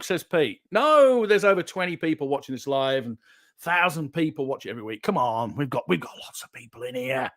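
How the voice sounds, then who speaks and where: A man hosts a casual livestream and chats in a jokey way as he reads out viewer comments. His voice sits high and moves around a lot. The sound is dry and close. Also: very animated, normal speed, a bit bright, dry recording. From Yorkshire, England. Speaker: livestream show host.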